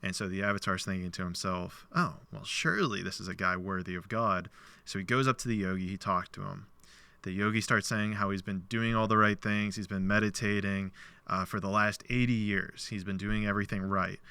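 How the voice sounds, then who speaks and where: A man's voice: fairly low pitch, fairly quick, clear, resonant tone, no room sound. A man hosting a podcast, casually retelling a parable and acting out its dialogue in a loose, filler-heavy way. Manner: animated storyteller, acts out quoted dialogue; loose speech with many "like" fillers. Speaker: podcast host.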